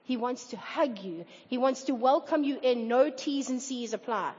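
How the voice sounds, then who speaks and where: A woman's voice: high voice, moderate pace, a little mellow, slightly rough. A woman preaching a sermon to a congregation in an earnest tone, sometimes acting out quoted voices. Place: church hall. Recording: dull reverberant hall recording.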